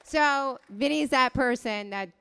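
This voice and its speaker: A woman with a smooth, clear, fairly high voice co-hosts a live comedy show. She steers the conversation, prompts her partner and jumps in with quick comments. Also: a bit bright, no room sound. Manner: prompts the story and jumps in, laughing along. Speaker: co-host.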